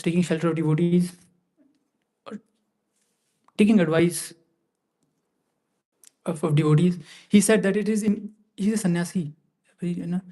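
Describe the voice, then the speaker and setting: A man leading a scripture class, chanting Sanskrit verses slowly and then explaining them casually with many fillers. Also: a little high, mellow. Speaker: class speaker.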